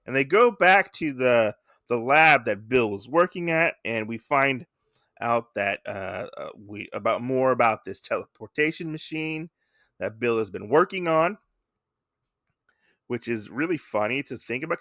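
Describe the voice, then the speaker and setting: Male podcast co-host, lively rambling chat, dry close mic. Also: mid-range voice, normal speed, no room sound. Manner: chatty, rambling with many fillers. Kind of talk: casual chat.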